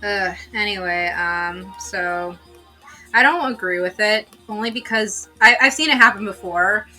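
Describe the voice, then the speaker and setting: A woman streamer talks slowly and loosely while she draws, rambling through asides with plenty of swearing. Her voice is bright and forward, and faint music plays under it. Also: mid-range voice. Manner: shrieks when shocked. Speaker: streamer drawing and chatting. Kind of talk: casual stream chat while drawing.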